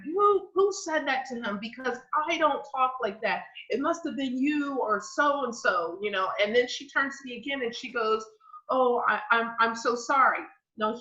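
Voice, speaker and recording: A woman in her forties tells a personal story in an earnest, reflective way. Her voice is bright and sits a little high. The recording sounds dull and lo-fi. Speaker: panelist. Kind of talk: personal story in a group discussion. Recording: dull lo-fi audio.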